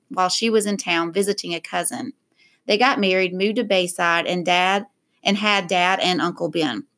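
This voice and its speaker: Woman calmly reading a novel aloud. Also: lowish voice. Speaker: reader.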